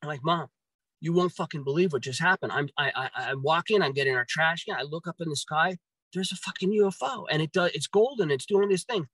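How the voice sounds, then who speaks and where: A man tells a personal story in casual talk, his voice sitting a little high. He is animated, swears freely and acts out his own reactions. The sound is dry and close, with no room around it. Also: brisk, dry recording, rough recording. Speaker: guest telling a personal story.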